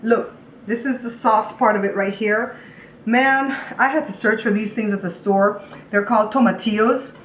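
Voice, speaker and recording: A woman's voice: on the high side, moderate pace, a little hiss or hum. A woman hosting a home cooking show in casual chat, chatty and repetitive, talking to viewers as guys. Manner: chatty, repeats words, addresses viewers as guys.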